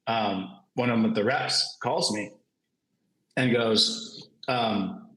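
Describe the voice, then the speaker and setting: A man telling a story on a panel in a casual, animated way, laughing often and filling his talk with "like". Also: on the low side, extremely slow. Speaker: comic creator, panel guest. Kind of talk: casual anecdote on a virtual panel. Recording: roomy echo.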